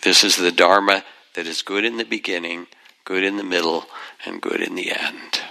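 An older man leads a dharma talk, telling old teaching stories gently and without hurry. His voice sits very low with a gravelly edge. Even so, the tone comes across bright and forward. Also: rough recording. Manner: gentle, unhurried, reflective, softens into asides. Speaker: meditation teacher.

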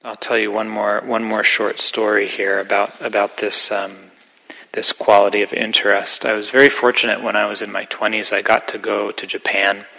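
A middle-aged man giving a gentle, reflective dharma talk as a meditation teacher, sometimes dropping to a whisper. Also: on the low side, level tone, moderate pace, gravelly, rough recording.

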